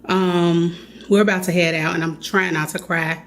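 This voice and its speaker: Woman, Chicago accent, thirties, earnest chatty vlogger, lower voice, light hiss behind. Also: steady tone, moderate pace. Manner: earnest, chatty, addresses viewers as y'all. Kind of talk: casual vlog to camera.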